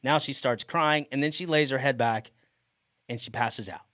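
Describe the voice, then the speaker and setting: A man's voice: medium pitch, moderate pace, dry recording. Man telling a wild story, dry sound. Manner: animated, laughs often mid-sentence. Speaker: podcast host. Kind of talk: casual storytelling.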